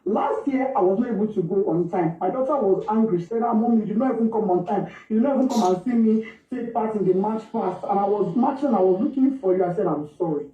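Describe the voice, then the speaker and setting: A woman with a Nigerian accent, a mother slowly and emotionally recounting what happened to her daughter. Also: mid-range voice. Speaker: grieving mother recounting events. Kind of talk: emotional personal account. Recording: distant, echoey, muffled replayed clip.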